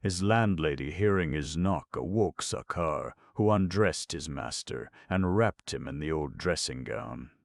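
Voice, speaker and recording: A man reads an audiobook in a measured, deliberate way. His voice is extremely low with a gravelly, creaky texture. The recording is dry and close, with no room sound. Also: lively intonation, no room sound. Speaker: audiobook narrator. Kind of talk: scripted audiobook narration.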